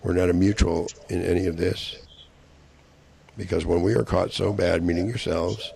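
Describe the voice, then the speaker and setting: A man's voice: deep voice, level tone, normal speed, creaky, a little mellow, slightly rough. A man delivering a rambling, profane, angry monologue.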